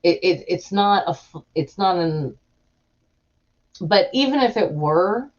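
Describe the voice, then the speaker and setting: Taking her time, a woman with a fairly low voice hosts a live stream and chats easily with viewers. Her storytelling is lively, and she does the voices of the characters in her tales. Her audio comes through muffled and lo-fi.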